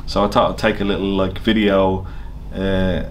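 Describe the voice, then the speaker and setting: A man's voice: deep voice, flat delivery, normal speed, slight background noise. A man, a snooker player, casually telling an anecdote to camera with lots of fillers and easy laughter. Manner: chatty storyteller, frequent fillers and laughs. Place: snooker venue.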